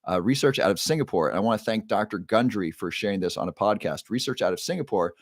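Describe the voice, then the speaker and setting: A man's voice: on the low side, expressive, fast talker, dry recording, clean studio sound. A man hosting a casual live stream as a neuroscientist, upbeat, greeting viewers by name and often restarting his sentences.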